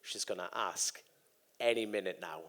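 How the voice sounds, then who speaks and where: Animated live storytelling from a guest racer in his thirties: on stage at a podcast event, he swears through a long anecdote and performs the voices of its characters. He speaks at normal speed in a deep, slightly bright voice.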